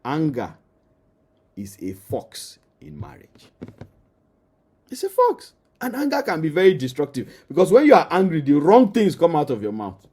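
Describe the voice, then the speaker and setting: A man's voice: on the high side, wildly swooping pitch, normal speed, a little mellow, breathy edge. A man with a Nigerian accent, a marriage counselor giving an emphatic teaching that addresses the listener directly and repeats key phrases.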